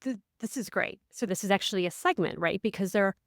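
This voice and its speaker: A woman co-hosting a casual podcast, a life coach who tells stories with lively, acted-out quotes. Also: fairly quick, no room sound, studio quality. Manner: animated storyteller, acts out quotes with big pitch swings.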